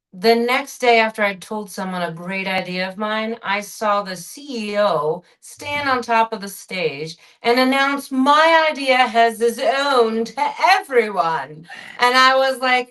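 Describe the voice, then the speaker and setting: Animated, expressive woman guest. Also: on the high side, unhurried. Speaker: podcast guest. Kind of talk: conversational interview.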